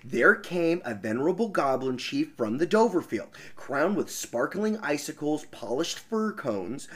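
A man reading a fairy tale aloud on a podcast, breaking off for casual banter and laughing asides. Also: fairly high pitch. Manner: animated, laughing asides, quick voices for characters.

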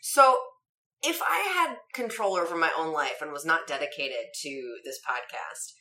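A woman co-hosting a podcast, summarizing a movie in casual chat with wry, deadpan remarks. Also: low voice, a little slow. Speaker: podcast co-host. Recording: roomy, distant from mic.

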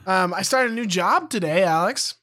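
A man's voice: sits high, expressive, normal speed, bright, forceful tone. A man co-hosting a podcast in casual chat, easygoing and hedging, with frequent laughs. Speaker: podcast co-host.

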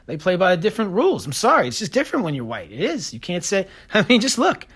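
A man's voice: high-pitched, huge pitch swings, a bit bright, husky. A man hosting a solo podcast, ranting in a combative, sarcastic way and daring listeners to prove him wrong. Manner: combative, sarcastic, fast-talking. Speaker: podcast host. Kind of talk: opinionated solo podcast rant.

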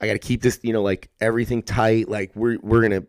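A man's voice: on the low side, fast talker, dry recording, clean studio sound. A man in his thirties in casual podcast chat, rambling and swearing freely, and sometimes acting out what kids would say. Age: 30s. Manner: rambling, animated, swears freely, acts out kids' voices.

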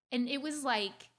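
A woman sharing a painful childhood story with her audience in an earnest, confiding way, talking quickly and restarting her phrases as she speaks. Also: high-pitched, fairly bright tone. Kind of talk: heartfelt personal storytelling.

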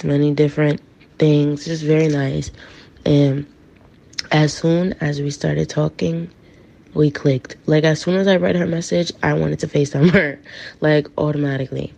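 Gravelly-voiced woman telling a story. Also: deep voice, mellow. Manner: chatty, acts out quoted texts. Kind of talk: casual personal storytelling. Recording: dull lo-fi recording.

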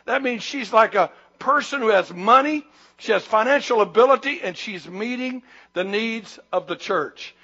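A middle-aged man preaching a sermon as pastor, breaking into loud, emphatic bursts and drawing certain words out slowly. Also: sits high, lo-fi sound.

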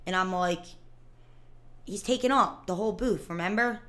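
A young woman trading a story in loose, profane casual chat. She talks in an animated way at an average pitch. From Philadelphia. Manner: animated, profane, quick to laugh.

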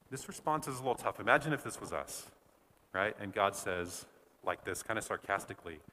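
Bright-voiced man teaching scripture. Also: lowish voice, fairly quick, big-room sound, a little hiss or hum. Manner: conversational, animated, reads scripture aloud. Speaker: Bible study teacher. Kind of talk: Bible study teaching. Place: church. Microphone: wore a face mask at first.

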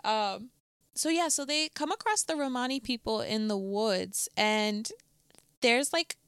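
A woman's voice: on the high side, unhurried, fairly bright tone, smooth, dry recording, studio quality. A young woman co-hosting a podcast, chatting casually and laughing, with lots of "like" and "um". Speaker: podcast co-host. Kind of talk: casual chat.

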